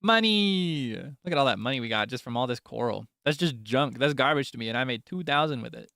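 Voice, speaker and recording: A young man casually chatting while streaming a farming game, playful and excitable with sudden squealing highs. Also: fast talker, gravelly, no room sound. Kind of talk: casual game livestream chat. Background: faint game music.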